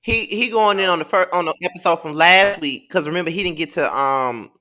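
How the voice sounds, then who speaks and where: A woman's voice: lowish voice, fairly quick, bright, forceful tone. A woman co-hosting a live TV review, talking in a laid-back, drawling, casual way. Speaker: co-host of a live review show.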